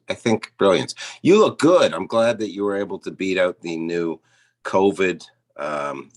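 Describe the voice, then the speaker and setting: A man guest telling crude comic stories in a deadpan way, speaking over a video call. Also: low voice. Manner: crude deadpan jokes, animated, quick shifts into put-on voices. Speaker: comedian guest. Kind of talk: comedic rant in casual chat.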